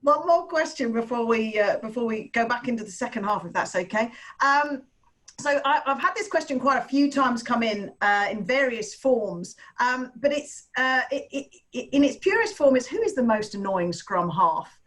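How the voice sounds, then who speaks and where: A woman's voice: fairly high pitch, lively intonation, moderate pace, a bit bright. A woman hosting a webinar, putting audience questions to a panel in a friendly, meandering way. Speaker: webinar host. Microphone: video call.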